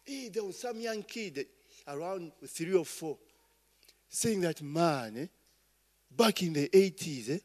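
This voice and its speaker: Slow-talking Ugandan preacher man. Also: a little high, lively intonation, a little mellow. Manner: rambling, call-and-response asides, frequent "eh?" and "okay?". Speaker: pastor. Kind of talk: sermon.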